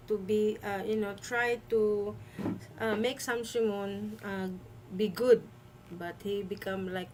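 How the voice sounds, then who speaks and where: Slow halting woman host. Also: medium pitch, a little mellow, a little hiss or hum, low-quality recording. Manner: halting, many fillers and searches for words. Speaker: livestream host. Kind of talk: casual livestream chat.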